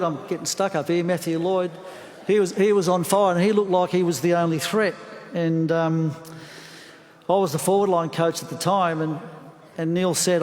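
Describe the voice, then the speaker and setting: A man's voice: fairly high pitch, fairly even intonation, moderate pace. An Australian man in his sixties giving a memorial speech, telling stories with frequent fillers and restarts. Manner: warm storytelling with hesitant fillers and restarts. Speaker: football coach giving a eulogy. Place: large funeral venue. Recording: long reverb of a large hall.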